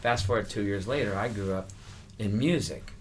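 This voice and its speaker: A man's voice: lowish voice, normal speed, a little hiss or hum. A middle-aged man casually telling a story in a podcast chat, acting out the voices he quotes. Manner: animated, acts out voices in quotes.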